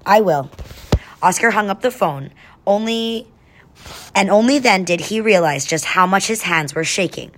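A woman reading a children's storybook aloud in a soft, even storytelling way. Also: mid-range voice, moderate pace, a little hiss or hum. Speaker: narrator.

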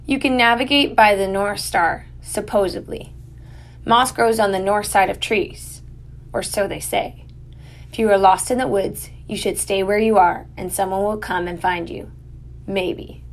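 A woman reading an audiobook aloud in a measured, dryly wry manner. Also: mid-range voice, vocal fry. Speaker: audiobook narrator. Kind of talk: scripted narration.

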